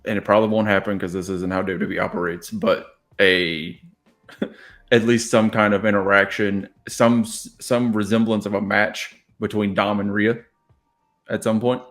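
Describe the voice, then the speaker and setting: A man's voice: on the low side, fairly even intonation, normal speed, a bit bright, soft background music. A man on a podcast chatting casually, asking thoughtful, hedging questions. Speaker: podcast co-host. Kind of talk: casual chat.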